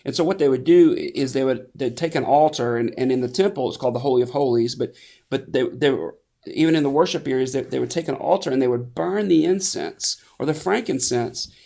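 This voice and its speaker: A pastor giving a conversational sermon, with frequent restarts and fillers. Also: male voice, medium pitch, a little fast, gravelly, dark tone.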